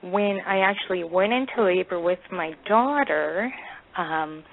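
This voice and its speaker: A woman's voice: lowish voice, unhurried, vocal fry. A woman with a Canadian accent who calls in to a radio show and tells a personal story in a chatty way, laughing between phrases. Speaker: caller. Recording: tinny phone line.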